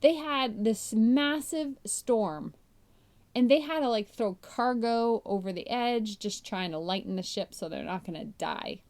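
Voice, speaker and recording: A woman hosting a podcast, retelling a Bible story in a chatty, animated way, full of "like" fillers. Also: fairly high pitch, a little slow. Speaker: podcast host.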